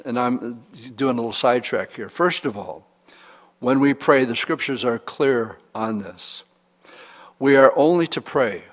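A pastor preaching a sermon in a conversational, humorous way, acting out examples as he goes. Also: mid-range voice. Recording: reverberant hall.

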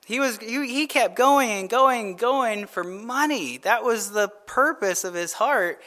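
A male pastor giving a conversational Bible teaching, retelling scripture in a casual, animated way and often checking in with "right?". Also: high voice, measured pace.

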